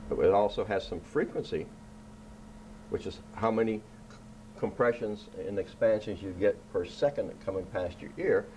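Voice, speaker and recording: A man with a fairly low voice teaches children about science in a relaxed, playful tone. He keeps checking in with a quick "right?" as he explains. A faint hiss of background noise sits under him. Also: low-quality recording. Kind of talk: casual classroom explanation. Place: indoor room.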